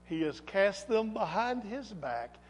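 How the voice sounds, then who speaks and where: A male pastor preaching a sermon, swinging between loud exhortation and quiet asides in a church sanctuary. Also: high-pitched, very animated, takes it slowly, long reverb tail, soft background music.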